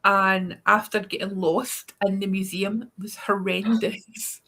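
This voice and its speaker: A woman's voice: mid-range voice, level tone, a little slow, a bit bright. A Scottish woman co-hosting a tarot livestream, chatting casually, laughing often and swearing now and then. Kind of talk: casual chat.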